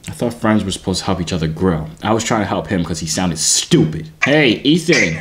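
A man on a phone video chat, pranking strangers with deadpan, mock-nerdy insults. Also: sits low, fast talker, background noise.

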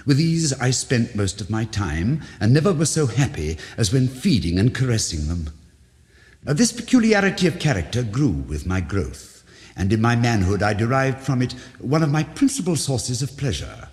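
A man's voice: mid-range voice, sing-song, normal speed, darkish tone. A man giving a dramatic first-person story reading, intense and theatrical, with sudden rises and drops. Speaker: reader of a story. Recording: old record with long reverb.

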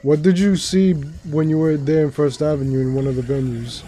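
A man streaming a video game, commenting casually with excitable swearing and jokey outbursts. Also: on the high side, normal speed, a little hiss or hum. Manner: excitable, profane, jokey, bursts into silly singing.

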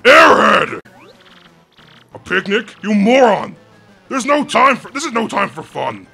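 A man voicing a gruff, bossy turtle king villain from a video game, sarcastic and blustering, over faint game music. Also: high-pitched, sing-song, measured pace, sharp tone, pitched above the performer's own voice, exaggerated voice.

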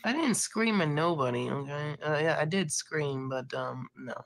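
A woman live streaming with a hoarse voice from being sick, rambling casually, laughing and swearing now and then. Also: deep voice, lively intonation, moderate pace, low-quality recording. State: hoarse from illness.

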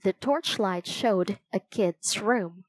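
Slow, dry-voiced woman reading a storybook. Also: mid-range voice, no echo, poor audio. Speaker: storybook narrator. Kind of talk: reading a children's chapter book aloud.

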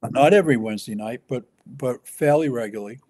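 A man speaking as a pastor in a relaxed ministry conversation, pausing and restarting often as he describes his work. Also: medium pitch. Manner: halting, with many restarts and fillers.

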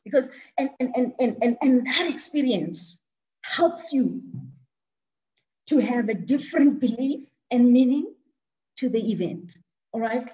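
A woman's voice: fairly high pitch, expressive, unhurried, pauses often, warm tone, highs cut off. A woman leading an interactive online talk, asking the audience questions and often repeating words as she thinks aloud. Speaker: speaker leading an online discussion.

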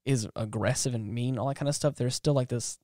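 A man's voice: medium pitch, a little fast, dark tone, dry recording, studio quality. A man co-hosting a podcast, chatting casually about a film with many restarts and fillers. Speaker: podcast co-host.

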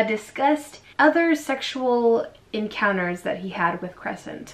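A woman's voice: on the high side, a bit bright. A woman vlogger casually retelling a strange story, sassy and slangy, acting out the quotes.

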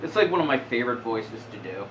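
A man's voice: mid-range voice, very animated, quick pace, highs cut off, background noise. Crude, rambling young man, roomy sound. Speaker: host. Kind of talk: casual stoned commentary.

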